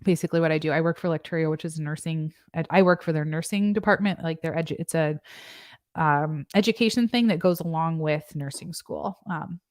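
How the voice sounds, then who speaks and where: A woman's voice: low-pitched, fairly quick, no echo, clean studio sound. A young adult woman nurse practitioner hosting a casual livestream, chatting and joking as she reads viewer comments. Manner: chatty and joking, with asides and fillers. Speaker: nurse practitioner and channel host.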